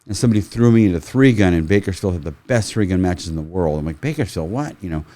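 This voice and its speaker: Low-voiced man telling animated stories. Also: quick pace, no room sound. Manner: animated, swears, acts out quotes. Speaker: firearms trainer, podcast guest. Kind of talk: casual storytelling.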